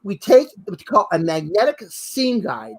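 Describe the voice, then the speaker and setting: High, lively man gushing over sewing tools. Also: moderate pace. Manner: exuberant, exclaims and repeats "fabulous" and "hello". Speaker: costume designer and co-host. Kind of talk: enthusiastic product demo chat.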